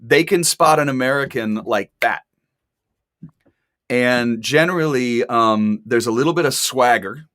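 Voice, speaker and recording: A man from Texas hosts a casual online talk show in an easygoing ramble. His humor is dry enough to pass for serious. His voice sits at a middle pitch and sounds close and dry. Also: measured pace, fairly bright tone, dry recording. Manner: chatty, dry sarcastic humor. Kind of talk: casual chat.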